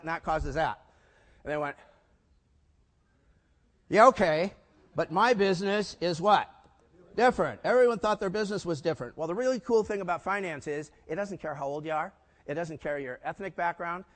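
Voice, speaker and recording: An older man giving a keynote talk, telling stories with lively acted-out dialogue. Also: a little high. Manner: animated storyteller acting out quoted dialogue. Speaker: keynote speaker. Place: conference hall. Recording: hall reverb.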